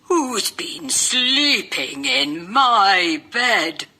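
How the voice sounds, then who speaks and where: A man voicing a prim, indignant mother bear in a high falsetto for a storybook cartoon. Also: very animated, very slow, gravelly, bright, forceful tone, heavily acted.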